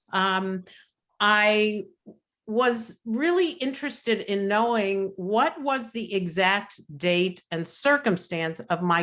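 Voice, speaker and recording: Middle-aged woman, webinar testimony, video call, medium pitch, reflective, unhurried pauses. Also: a bit bright. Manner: measured and reflective, with pauses and fillers. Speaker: webinar speaker and author. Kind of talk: personal testimony presentation.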